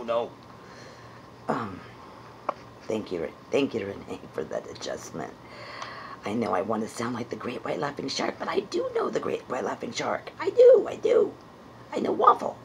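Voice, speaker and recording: A woman's voice: rumbling low, big pitch swings, unhurried, vocal fry, a little mellow, a little hiss or hum, full character voice. A woman voicing a shy blue furry puppet creature, unsure and playful as she searches for its voice in improvised comedy.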